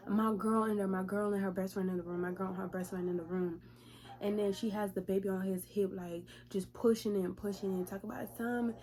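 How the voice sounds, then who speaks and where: A young woman vlogger in casual storytime, retelling events in a profane, chatty, lively way. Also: medium pitch.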